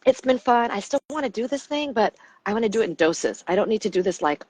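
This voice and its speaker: Speaking fast with a fairly high voice, this middle-aged coach from the United States is a guest on a podcast. In a relaxed interview she tells lively stories, performing the voices of those she quotes, and the sound is dry.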